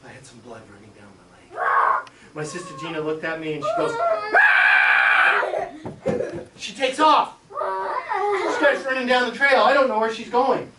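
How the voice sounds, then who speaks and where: A man, a school superintendent, telling a childhood story to schoolchildren and acting out the yelps and shouts. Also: very high-pitched, moderate pace, very noisy. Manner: animated, acts out yelps and shouts. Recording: echoey room, mic far off.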